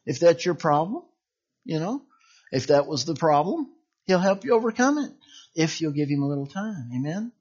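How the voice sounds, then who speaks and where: Chatty high-voiced male preacher, lo-fi. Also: very animated, moderate pace, a little mellow. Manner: chatty and conversational, frequent "you know" and chuckles, acts out quoted dialogue. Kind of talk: informal sermon. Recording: dull lo-fi sound.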